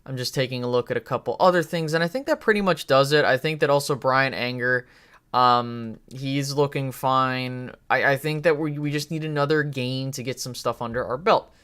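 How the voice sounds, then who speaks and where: A man hosts a live sports talk stream, rambling through his opinions with fillers and restarts. His voice is smooth and resonant, sitting at an ordinary middle pitch. He swears casually when something bugs him. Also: normal speed, fairly bright tone. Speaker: podcast host.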